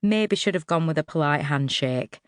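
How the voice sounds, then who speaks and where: Low-voiced woman narrating an audiobook. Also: normal speed, clean tone, no echo, studio quality. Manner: expressive, wry storytelling. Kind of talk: first-person novel narration. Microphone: close studio mic.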